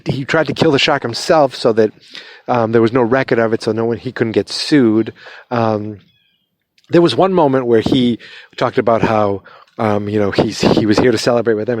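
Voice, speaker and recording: A man's voice: medium pitch, darkish tone, dry recording. A man hosting a podcast, rambling hesitantly through a movie review while walking his dog outside in his neighborhood. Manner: rambling, hesitant, lots of fillers and restarts. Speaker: podcast host.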